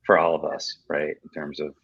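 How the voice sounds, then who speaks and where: A man with a very deep voice talks easily as an interview guest, wandering through his thoughts with plenty of fillers and restarts. The sound is dry and a little dull, like muffled call audio. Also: normal speed, slightly rough, no room sound. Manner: relaxed, rambling with many fillers and restarts. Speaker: guest, whiskey portfolio director. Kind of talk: casual video-call interview.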